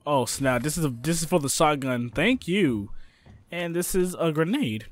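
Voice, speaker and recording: A young man giving excitable, jokey let's play commentary, talking to his viewers. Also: on the high side, moderate pace. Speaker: gaming YouTuber.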